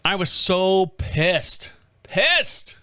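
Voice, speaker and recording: A man in his fifties tells a long, wandering story with a fairly high voice for a man. He cusses freely and keeps chuckling at his own tale. The sound is close and dry. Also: expressive, normal speed, fairly bright tone, no room sound. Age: 50s. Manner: chatty, profane, often laughing at his own stories. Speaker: podcast host. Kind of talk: casual rambling storytelling monologue.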